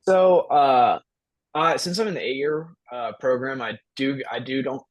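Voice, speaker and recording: Young college man from South Carolina, guest. Polite and relaxed, lots of filler words, on a video call from home. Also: medium pitch, unhurried. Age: young adult. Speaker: podcast guest, college student. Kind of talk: casual interview answers. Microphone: remote video call from home.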